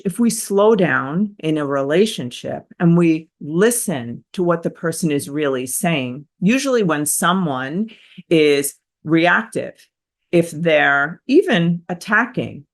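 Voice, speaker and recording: A woman therapist hosting a motivational self-help talk, energetic and emphatic, with repetitive phrasing. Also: fairly low pitch. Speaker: therapist and host.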